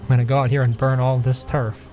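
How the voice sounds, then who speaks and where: A man's voice: mid-range voice, little pitch movement, fast talker, mellow. A man streaming a game with friends, chatting casually and joking wryly about the lag. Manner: laid-back, wry about the lag. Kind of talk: casual gaming chat. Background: game music.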